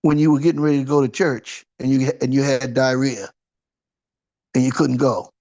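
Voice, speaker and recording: A man's voice: medium pitch, fairly even intonation, normal speed, warm tone, lo-fi sound. A man giving an informal sermon, throwing out rhetorical questions and checking in with his listeners. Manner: conversational, asks "huh?" often, rhetorical questions. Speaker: preacher.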